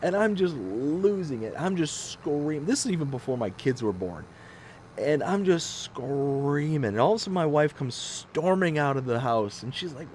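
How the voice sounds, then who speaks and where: A man in his thirties telling stories on a casual live game stream, animated and self-mocking. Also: fairly high pitch, normal speed.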